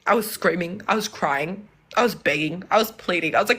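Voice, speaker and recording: A young woman from Lebanon telling animated stories in casual chat, acting out the people she quotes. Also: lowish voice, a little fast, breathy edge. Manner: animated, acts out voices in quoted dialogue. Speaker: podcast guest. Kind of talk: casual storytelling.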